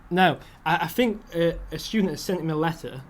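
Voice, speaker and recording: A man's voice: a little high, lively intonation, a little fast, a little hiss or hum. A young man hosting a podcast in casual chat, rambling and restarting his sentences and laughing often. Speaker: podcast host.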